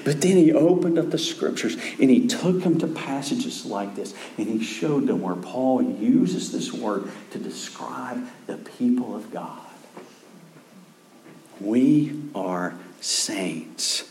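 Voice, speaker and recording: A man's voice: mid-range voice, animated, a little slow, hardly any pauses, dark tone. Man preaching a sermon in an echoey room. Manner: conversational preaching with many restarts. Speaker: pastor. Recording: roomy echo.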